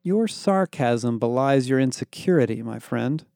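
A man voicing a punk teenage boy who lectures his friends in a slow, solemn deadpan. The tone is dark and mellow. The recording is dry and close. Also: mid-range voice, no room sound. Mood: deadpan scolding. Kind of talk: audio fiction reading.

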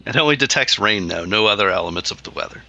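A man hosting a tabletop role-playing podcast as the game master, relaxed and easygoing. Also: on the low side, quick pace, no room sound.

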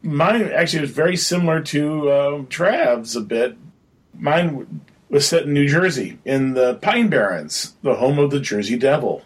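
A man on a podcast pitching a horror game scenario in casual, rambling chat with frequent restarts. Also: animated, normal speed, husky. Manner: rambling, many restarts, chatty.

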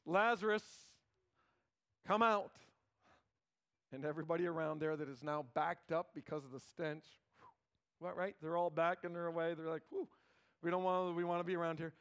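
A pastor preaching a sermon, retelling a scripture story with earnest emphasis, informal asides and dramatic pauses. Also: male voice, on the high side.

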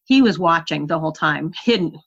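A woman guest in an interview, telling a story in a lively, animated way. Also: deep voice, a little fast, vocal fry, slightly rough, muffled recording. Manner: animated storyteller, laughs while recalling. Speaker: interview guest, horse rider.

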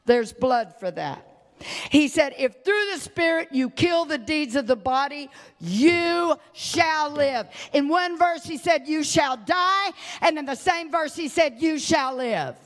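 A woman preaching a sermon, moving from quiet talk to shouted, emphatic prayer. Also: sits high, expressive, a little slow, big-room sound. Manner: emphatic, repetitive.

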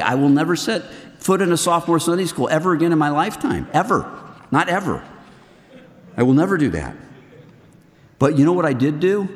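A middle-aged man preaching to a group of men in a lively, earnest way, swinging between loud and hushed. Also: mid-range voice, long reverb tail. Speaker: men's ministry speaker. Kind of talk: sermon.

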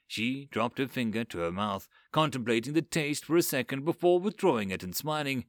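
A man narrating a dark fantasy story with an expressive, dramatic delivery. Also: medium pitch, brisk, few pauses, no echo, studio quality.

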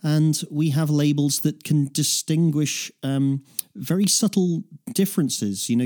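A man's voice: mid-range voice, mellow. A man giving a reflective self-help talk in a conversational way, dotted with "you know" and uneven pacing.

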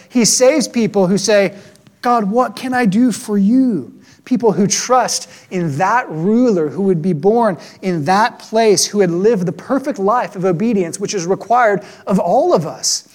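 A man preaching a sermon, earnest and conversational, often tagging "right?" onto his points and slowing to a hushed tone on solemn lines. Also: high voice. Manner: drops to a hushed, slow delivery on solemn points. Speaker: pastor.

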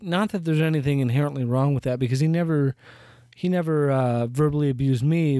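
A man's voice: fairly high pitch, darkish tone, dry recording. Rambling young man telling stories, dry sound. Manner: rambling, self-interrupting, dry sarcasm. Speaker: podcast host. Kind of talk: casual storytelling monologue.

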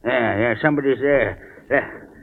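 An actor playing a folksy, chatty older morgue attendant, in 1940s radio acting on a dull old recording. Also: male voice, medium pitch, measured pace, creaky.

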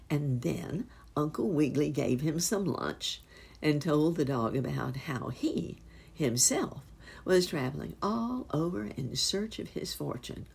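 Woman, storybook narrator, expressive, unhurried, gravelly, lively pitch. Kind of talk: storybook read-aloud.

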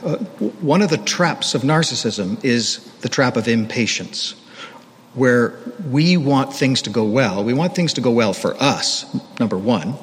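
A man's voice: medium pitch, expressive, measured pace, breathy edge. A man preaching a sermon in a candid, self-deprecating, conversational manner. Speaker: pastor. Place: church. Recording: long hall reverb, faint ambient noise.

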